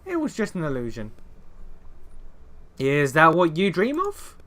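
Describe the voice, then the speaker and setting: A man's voice: on the high side, wildly swooping pitch, a little slow, fairly bright tone, heavily acted. A man voicing a sly woman from a game who pouts and plays innocent. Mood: coy. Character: sly woman, pouting and falsely sweet.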